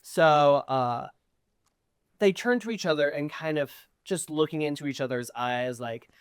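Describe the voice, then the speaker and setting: A man's voice: a little high, measured pace, smooth, dry recording. Guy running a tabletop game, playful storyteller, dry close sound. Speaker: game master.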